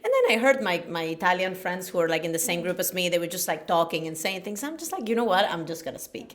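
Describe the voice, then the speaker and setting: A woman's voice: fairly low pitch, animated, racing. A young woman with a Latin American Spanish accent, co-hosting a casual podcast chat, laughing often and filling with "like". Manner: chatty, laughs often, many "like" fillers. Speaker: podcast co-host.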